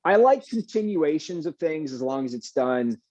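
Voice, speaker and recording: A young adult man, an actor guest, chatting casually in an interview, easygoing and animated with plenty of fillers. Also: fairly high pitch, normal speed, no echo, lo-fi sound.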